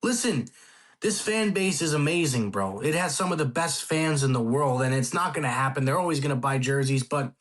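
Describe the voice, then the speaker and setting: Dude on a sports podcast, chill but cussing, fairly high voice. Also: male voice, animated, brisk, fairly bright tone. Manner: agreeing, casual and profane, calls fans to boycott. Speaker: podcast co-host. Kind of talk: casual sports podcast chat.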